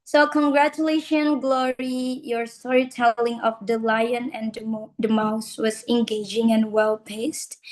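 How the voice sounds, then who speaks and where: A woman judge delivers measured, encouraging feedback to contestants. She speaks slowly, in a slightly high voice. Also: a little mellow, poor audio.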